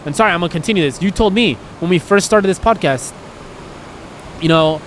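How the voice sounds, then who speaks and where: A man's voice: high voice, brisk, slight background noise. A man co-hosting a podcast, talking earnestly and emotionally in a rambling, candid way. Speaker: podcast co-host.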